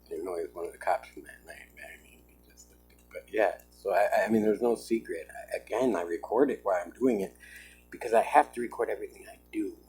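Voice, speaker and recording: Man, husky voice, lowish pitch, agitated emphatic vlog talk. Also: fast, darkish tone, faint music behind, poor audio. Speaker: vlogger. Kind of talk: self-recorded vlog monologue.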